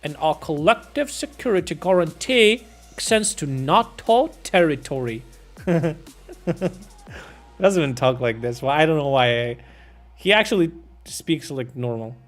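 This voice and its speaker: A man's voice: fairly high pitch, lively intonation, measured pace, faint music behind. A man live-streaming, reading out war news headlines and commenting on them in a casual, irreverent way, swearing and laughing as he goes and stumbling over names.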